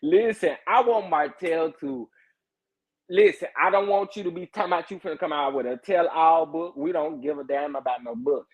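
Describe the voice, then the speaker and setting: A man whose voice sits a little high hosts a casual stream, chatting and reading comments from viewers. He's animated, often laughing, and he repeats phrases with drawn-out exclamations; the sound is tinny, like a phone.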